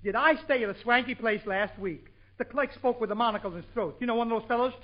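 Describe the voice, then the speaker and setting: A comedian hosting a 1940s radio comedy show, rattling off jokes with bursts of excitement. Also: male voice, extremely high pitch. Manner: rapid joke delivery with bursts of excitement. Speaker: comedian host. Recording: dull old radio broadcast recording.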